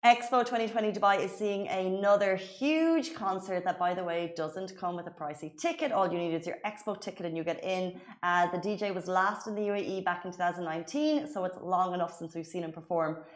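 A woman co-hosting a casual news chat show, talking in a chatty way with quick asides and easy laughter. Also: on the low side. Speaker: show co-host.

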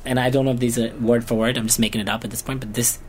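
A man guesting on a podcast, telling a story in a rambling, halting way with lots of restarts and fillers, and getting worked up as he rants. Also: medium pitch, level tone, slight background noise. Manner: gets loud and worked up when ranting. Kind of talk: casual chat.

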